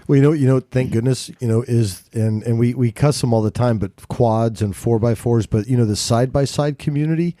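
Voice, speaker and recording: A man's voice: mid-range voice, fairly quick, hardly any pauses, dark tone, no echo, studio quality. A man on a podcast panel, talking in a rambling, folksy way. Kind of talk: casual chat.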